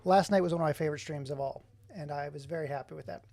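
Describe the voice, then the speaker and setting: A man's voice: a little high, fast, darkish tone. A man hosting a casual live stream, chatting to viewers and greeting them by name. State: runny nose. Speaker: livestreamer.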